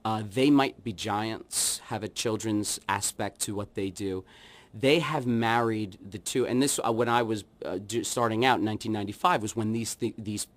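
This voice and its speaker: A man who is a children's musician, chatting as a guest in a radio studio interview, wry and rambling, with his voice often trailing off into quieter asides. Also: fairly low pitch, moderate pace. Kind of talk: casual radio interview chat.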